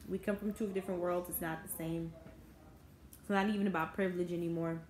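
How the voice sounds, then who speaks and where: A woman's voice: fairly low pitch, steady tone, a little fast, a little mellow. A woman, ranting to her viewers in a bitter, indignant vlog. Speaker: vlogger. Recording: echoey room, faint background noise.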